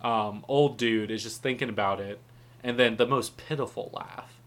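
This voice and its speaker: A man's voice: mid-range voice, normal speed, a bit bright. A man in casual chat recapping a film, joking, swearing and acting out quotes. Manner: profane, joking, acts out quotes.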